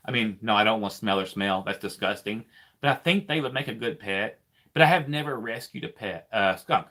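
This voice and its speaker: A man's voice: fairly low pitch, lively intonation, brisk, pushed and bright. A man, a trucker hosting a casual live chat, rambling and repeating himself as he talks. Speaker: trucker and channel host.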